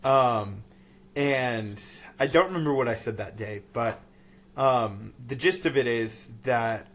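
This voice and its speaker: A man's voice: medium pitch, slow pace, fairly bright tone. Young male guest, sarcastic, loose rambling chat. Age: young adult. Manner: rambling, sarcastic, many fillers. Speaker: podcast guest, youth group leader. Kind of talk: casual chat.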